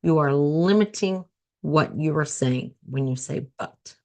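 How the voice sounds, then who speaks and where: A woman's voice: deep voice, unhurried. A middle-aged woman hosting a podcast as a life coach, talking casually and repeating phrases for emphasis. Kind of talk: casual solo podcast talk.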